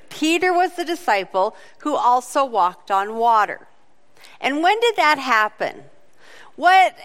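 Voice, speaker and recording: Animated woman preaching in a reverberant hall. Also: a little high. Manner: animated storytelling, voices quotes. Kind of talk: sermon.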